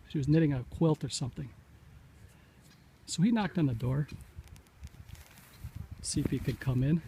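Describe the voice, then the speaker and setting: Winded man vlogging on a bike trail. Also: a little high. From Wisconsin, USA. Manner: chatty, direct. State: out of breath. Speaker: cycling vlogger. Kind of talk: casual vlog narration. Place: outdoor bicycle trail. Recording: loud outdoor noise.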